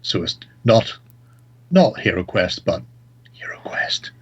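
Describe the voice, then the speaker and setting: A man's voice: low voice, normal speed, breathy edge, lo-fi sound. A man co-hosting a casual hobby video chat, enthusiastic and joking. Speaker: co-host.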